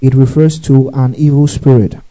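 Male preacher, very dark mellow tone, mid pitch, teaching sermon, keeps checking in with listeners. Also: level tone, normal speed, low-quality recording. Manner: checks in often with "okay?" and "right?"; spells out words letter by letter.

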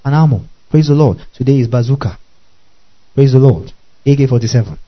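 A man's voice: medium pitch, expressive, brisk, lo-fi sound. A man preaching a sermon, spelling out words letter by letter and calling on his listeners to repeat after him. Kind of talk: sermon teaching.

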